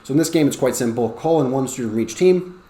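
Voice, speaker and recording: A male ESL teacher with a medium-pitched, warm voice talks fast and animatedly, walking other teachers through a lesson plan in a conversational way and frequently checking in with "okay?" The recording is roomy, with faint background noise.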